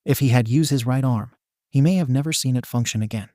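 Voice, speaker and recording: A man's voice: mid-range voice, fast, warm tone, no room sound, studio quality, close to an everyday voice. A man reading the lines of a serious, analytical young male hero student, in a fan storybook reading.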